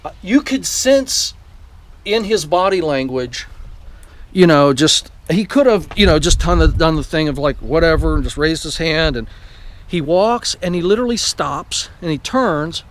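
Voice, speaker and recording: A man's voice: a little high, moderate pace, slight background noise. A man vlogging, eagerly retelling a personal story to camera in a rambling way, with the odd swear.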